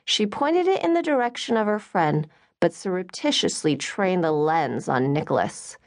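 Expressive woman reading an audiobook. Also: on the low side, moderate pace, no room sound, studio quality. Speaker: audiobook narrator. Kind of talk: scripted audiobook narration.

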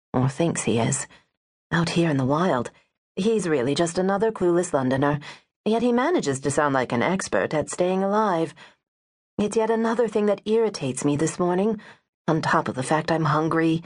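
A woman narrating a first-person audiobook, wry and expressive. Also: deep voice.

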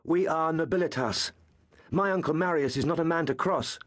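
A man voicing a bold, quick-witted teenage Roman boy in an audiobook reading, in a raised, urgent voice. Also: a little high, pitched above the performer's own voice, natural voice. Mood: defiant.

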